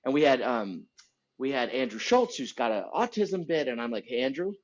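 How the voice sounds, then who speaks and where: A middle-aged man, a comedian, telling stories in a lively podcast chat and acting out the people in them. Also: mid-range voice, normal speed, dull audio. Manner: animated, acts out voices. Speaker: comedian guest. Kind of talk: storytelling in casual chat.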